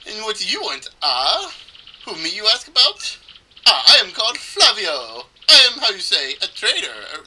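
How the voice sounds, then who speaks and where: A vain, showy rich merchant full of grandiose swooning lines, as a man puts on the voice. The tone is lifted high and very bright, and the delivery swings wide with drama. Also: a little hiss or hum, heavily acted, rough recording. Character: pompous flamboyant rich male merchant. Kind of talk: let's play voicing of game dialogue.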